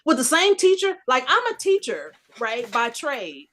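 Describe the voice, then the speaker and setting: A woman in her fifties telling a personal story in a casual group discussion, animated and emphatic. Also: high-pitched, unhurried, slight background noise. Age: 50s. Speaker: discussion panelist.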